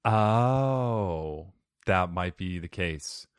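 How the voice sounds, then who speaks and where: A man from Arizona hosting a podcast, friendly and expressive in casual chat. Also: low voice, drawn-out words, clean tone, no echo, clean studio sound. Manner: friendly, expressive, reads listener letters aloud. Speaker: podcast host.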